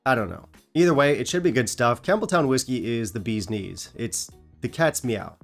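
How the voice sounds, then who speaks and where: A man's voice: medium pitch, expressive, moderate pace, gravelly, soft background music. A man hosting a whisky review channel, talking casually with dry, self-mocking humor and a non-British English accent.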